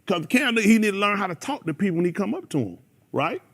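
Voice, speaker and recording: A man's voice: high voice, fast talker. A man preaching a fiery sermon, calling out members of the congregation by name. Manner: animated, preachy, calls out listeners by name.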